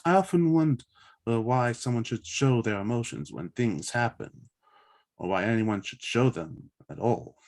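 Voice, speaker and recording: A man's voice: mid-range voice, lively intonation, normal speed, darkish tone, lightly acted. A man reading the part of a cold, sardonic alien male officer who speaks in a dry, formal way. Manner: dry, formal, without contractions.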